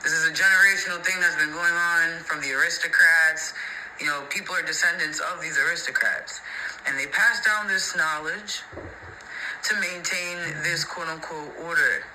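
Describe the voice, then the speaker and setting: A man's voice: fairly high pitch, fairly even intonation, moderate pace, sharp tone, slight background noise, poor audio. A man in an opinionated, heated rant to the camera, emphatic and profane, repeating his points and mocking others. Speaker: social media creator.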